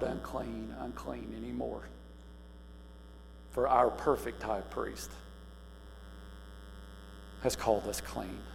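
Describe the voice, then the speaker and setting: A man delivers a sermon at an unhurried pace, his gravelly voice dropping low and then rising into loud, emphatic cries. The recording carries a long hall reverb and a faint electrical hum underneath. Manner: swings from quiet musing to loud emphatic cries. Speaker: preacher.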